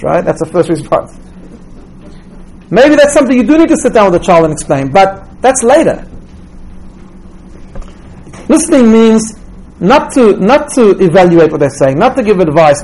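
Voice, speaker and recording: Religious teacher, male, high-pitched, storytelling delivery, repeats himself on restarts. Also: a little mellow, low-quality recording. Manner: storytelling, tags points with "right?". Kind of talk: teaching talk with stories.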